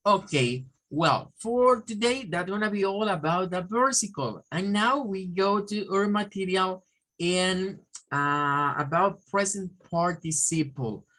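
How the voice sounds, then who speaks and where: A man teaching an online English class, repeating words and sounds slowly for drilling. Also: sits high, pushed and bright, poor audio. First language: Spanish.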